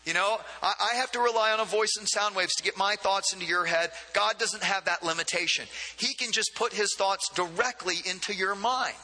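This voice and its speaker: A man's voice: sits high, fairly quick, few pauses, pushed and bright. A man preaching a sermon as pastor, in a conversational way with frequent asides and repeated words. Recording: long hall reverb.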